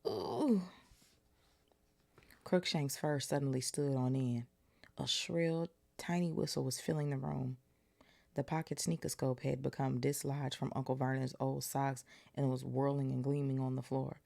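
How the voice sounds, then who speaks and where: A woman's voice: extremely low pitch, level tone, normal speed, vocal fry, a little mellow. A woman hosting a podcast, casually reading a novel aloud and breaking off for joking asides. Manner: chatty, joking asides between passages.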